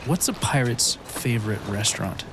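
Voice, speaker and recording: A man's voice: medium pitch, expressive, normal speed. Flustered stammering man in a noisy recording. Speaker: skit partner playing first mate.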